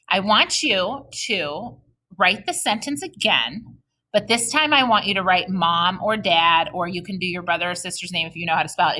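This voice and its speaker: A woman teacher giving a recorded reading lesson to young children, patient and encouraging, slowing right down to model sentences aloud. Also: fairly low pitch, sharp tone.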